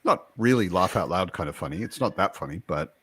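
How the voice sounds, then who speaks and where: A man's voice: low voice, lively intonation, fairly quick, fairly bright tone, husky, no room sound. A man from the United States hosting a casual chat, talking in a wry, rambling way with asides. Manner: chatty, wry, trails off into asides. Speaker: podcast host.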